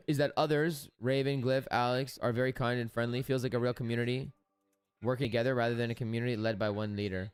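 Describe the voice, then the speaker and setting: A man talks loosely and directly to his viewers on a live stream, blunt and quick to swear. His voice is smooth and resonant and sits in a middle register. The sound is dry and close, with faint music underneath. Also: medium pitch, steady tone, dry recording. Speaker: live-stream trading host. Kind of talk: casual live-stream chat.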